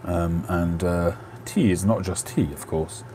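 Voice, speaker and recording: A man's voice: deep voice, measured pace, dark tone, slight background noise. A man hosting a casual live stream from home on a phone, chatting and answering viewers' comments.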